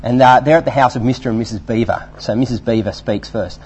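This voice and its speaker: A man preaching a sermon in an animated, emphatic way, with fillers between his points. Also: mid-range voice, fast talker, hardly any pauses, slightly rough, lo-fi sound.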